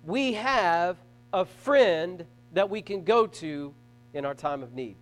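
A man's voice: sits high, lively intonation, slow, faint music behind. A man preaching a sermon as pastor to a church congregation, earnest and emphatic, repeating phrases as he builds a point.

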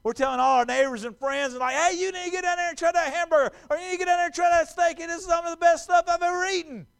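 A man preaching a sermon in a church, animated and stumbling over repeated words as he acts out quotes. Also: very high voice, rapid-fire, creaky. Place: church sanctuary.

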